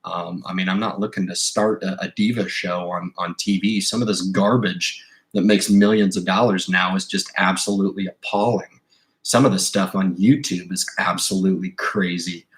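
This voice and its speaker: A man with a fairly low voice hosting an investing livestream. He talks in a casual, rambling way, stumbling and restarting phrases, and presses his advice on viewers insistently. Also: steady tone, moderate pace, fairly bright tone. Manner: rambling, emphatic, with repeated restarts. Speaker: investing channel host.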